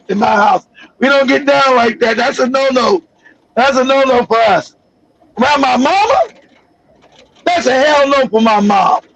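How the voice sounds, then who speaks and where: High husky man telling a story. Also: poor audio. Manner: animated, laughing, profane. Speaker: livestream host. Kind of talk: casual storytelling.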